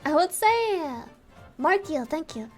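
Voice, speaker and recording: A woman's voice: very high voice, big pitch swings, measured pace, faint music behind. A woman streamer from Germany with a German accent, chatting casually on a live stream in a playful, giggly, teasing way.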